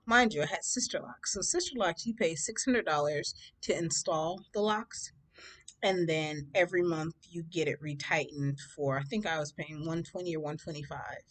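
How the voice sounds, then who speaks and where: A woman's voice: low voice, moderate pace. A woman telling a personal story in a casual vlog, sassy and laughing often.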